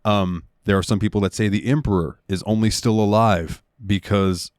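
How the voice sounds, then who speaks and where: A man's voice: fairly low pitch, fairly even intonation, moderate pace, darkish tone, dry recording, clean studio sound. A young man co-hosting a gaming podcast, telling stories in a loose, rambling way with lots of fillers. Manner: rambling storyteller, lots of ums and likes. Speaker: podcast co-host. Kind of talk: casual chat.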